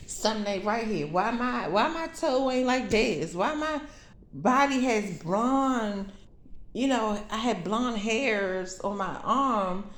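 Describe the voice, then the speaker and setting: A woman's voice: on the high side, lively intonation, slow, roomy sound. A woman vlogging, telling her viewers a story in an emphatic, profane, fired-up way. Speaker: vlogger telling a spiritual vision.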